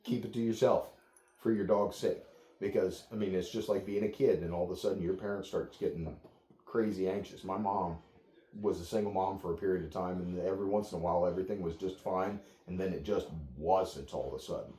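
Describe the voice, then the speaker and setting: A man working as a dog trainer, explaining to clients in a calm, steady, plain-spoken way. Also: deep voice, a little fast, reverberant.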